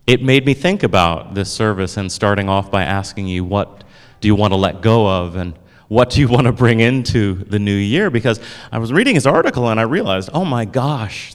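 A man leading a church service, playfully asking the congregation questions and answering their replies. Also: fairly low pitch. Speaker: pastor. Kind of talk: sermon. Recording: reverberant hall.

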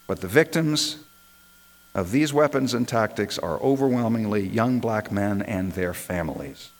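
A man's voice: lowish voice, measured pace, low-quality recording. A man, a minister, delivering an impassioned sermon built on rhetorical repetition.

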